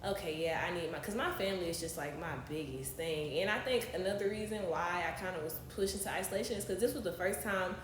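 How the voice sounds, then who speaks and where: A young woman, telling stories as a podcast guest in an animated, laughing way. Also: on the low side, fast talker, hardly any pauses. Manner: animated storytelling, laughs often. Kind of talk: casual interview chat. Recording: roomy podcast audio with faint hiss.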